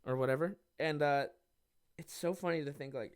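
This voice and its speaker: A mid-pitched podcast host riffs alone in a loose, comedic monologue, rambling from one aside to the next and swearing often. Quick put-on voices pop up to act out other people. The sound is dry and close, with no room echo. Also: clear, resonant tone. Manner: rambling, profane, many fillers and asides; acts out quoted people in shifting voices.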